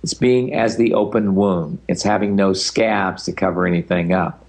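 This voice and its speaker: An older man with a notably deep, low-pitched voice speaks in an easygoing, loose way. He rambles through his answers in a relaxed interview, with a teasing edge now and then. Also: normal speed. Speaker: guest speaker and facilitator.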